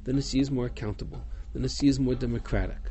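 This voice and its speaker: A man's voice: medium pitch, steady tone, rapid-fire. A male teacher giving a text-study class to students, reading verses aloud, translating them and explaining them. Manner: fields student questions casually.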